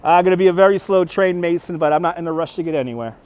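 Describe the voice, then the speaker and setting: With a high, smooth, slightly mellow voice that races along, a man hosts a casual walking livestream outdoors on city streets at night. He stays upbeat, thanks viewers for donations, and records on a phone on a handheld gimbal.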